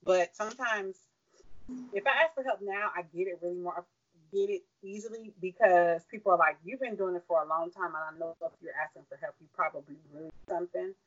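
A woman's voice: lowish voice, a little fast, a bit bright. A woman being interviewed about running her own business, candid and rambling, with many fillers and quoted self-talk. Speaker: business owner guest. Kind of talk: casual interview answers. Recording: dull lo-fi audio.

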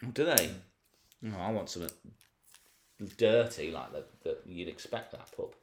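A man's voice: sits low, unhurried, a little hiss or hum. A man co-hosting a casual comedy podcast. He chats, jokes and laughs often. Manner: chatty, laughs often, lively intonation. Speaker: podcast co-host.

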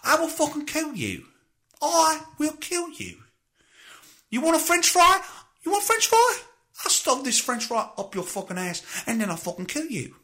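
A man voicing a hot-tempered male fast-food security guard who rants profane threats at customers. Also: very high-pitched, wildly swooping pitch, sharp tone, voice pushed up, exaggerated voice. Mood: raging. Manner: profane, menacing rant.

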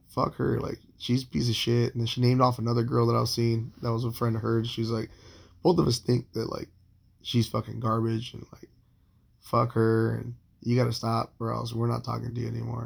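A young man telling a long personal story in a casual, rambling way, swearing constantly and filling pauses with um and like. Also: medium pitch, level tone, vocal fry, husky. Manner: profane, rambling, heavy filler words.

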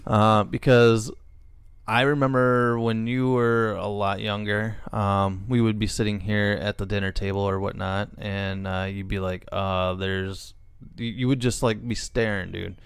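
A man's voice: on the low side, level tone, unhurried, clear, resonant tone, dry recording. A middle-aged man, co-hosting a casual podcast and rambling with frequent restarts. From Illinois, USA. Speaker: podcast co-host.

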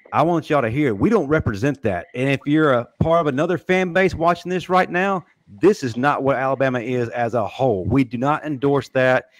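A man's voice: mid-range voice, dry recording. A man hosting a casual sports podcast who speaks firmly and directly and hands the floor to his panelists. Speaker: podcast host.

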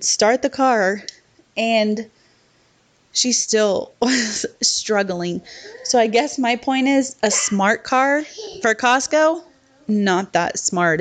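A young woman vlogging from home into her laptop microphone. She rambles in a casual, chatty way, dropping "like" into nearly every sentence. Her pitch sits in the middle for a woman. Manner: rambling, chatty, frequent "like" fillers. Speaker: mom vlogger. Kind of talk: casual chat.

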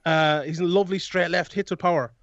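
A rambling man talking sports as a guest, full of restarts and quick laughs. His voice sits fairly high and sounds dry and dull, as if on a lo-fi remote line. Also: steady tone, fairly bright tone, no echo. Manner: rambling, many restarts and fillers, laughs often. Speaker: MMA analyst guest. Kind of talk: casual sports analysis chat.

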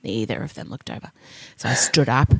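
Animated woman telling a story. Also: rumbling low, fairly quick, creaky, breathy edge, dry recording. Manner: animated, dramatic storytelling with wry humor. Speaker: podcast co-host. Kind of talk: casual storytelling chat.

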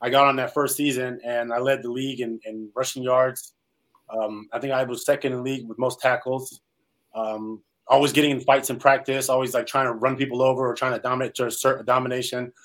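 A man's voice: mid-range voice, level tone, brisk, fairly bright tone, poor audio. A man from California, a former pro football player, telling his life story in an interview, earnest and rambling with many fillers. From Salinas, California.

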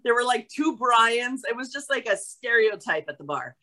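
A woman from New York, an actress, chatting as a guest and telling stories in a lively way. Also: fairly high pitch, normal speed, rough recording. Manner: chatty, animated storyteller. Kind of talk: casual chat.

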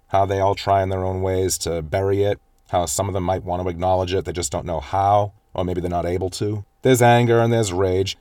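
A man's voice: low-pitched, a little mellow, no room sound, studio quality. A man retelling a film scene by scene in casual commentary, quoting the characters' lines with small shifts of voice. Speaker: film reviewer.

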